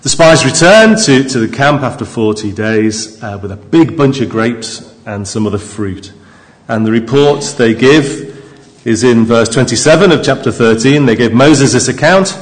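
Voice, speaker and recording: A man's voice: medium pitch, animated, moderate pace. Chatty male preacher in a reverberant hall. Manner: conversational and jokey, with restarts and asides to the congregation. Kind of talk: sermon. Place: church.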